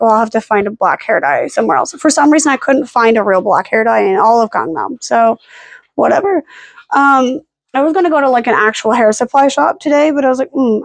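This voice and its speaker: A woman with a fairly high voice rambles through a casual home vlog, peppering every thought with "like" and "um" and making wry jokes at her own expense. The sound is dry and close, with no room echo. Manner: rambling, self-deprecating, with frequent "like" and "um" fillers. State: hiccuping and burping. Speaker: vlogger. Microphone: camera held at arm's length.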